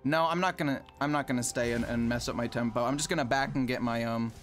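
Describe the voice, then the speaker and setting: A man's voice: medium pitch, quick pace, a bit bright. A man live-streaming gameplay, ranting in exasperation and swearing often as he plays. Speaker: gaming streamer. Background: game music and sound effects.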